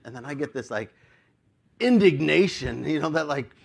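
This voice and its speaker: A male pastor with a slightly high voice, telling a story from the pulpit. He is animated and pokes fun at himself, laughing often as he goes. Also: moderate pace, vocal fry. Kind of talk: storytelling sermon.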